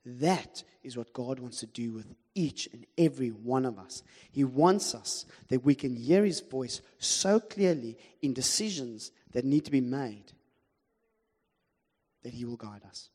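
A man's voice: medium pitch, a little slow, darkish tone. A man with a South African accent preaching a sermon, telling a story with animation and humor and putting questions to the congregation. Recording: long hall reverb.

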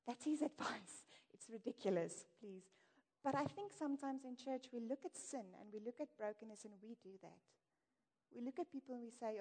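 A woman preaches in an earnest, candid and conversational way, her voice dark and mellow. Her talk carries a long reverb, as if from a large hall. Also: fairly high pitch, fairly quick. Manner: earnest, warm-hearted and candid, with light laughs. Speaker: church speaker. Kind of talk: conversational sermon.

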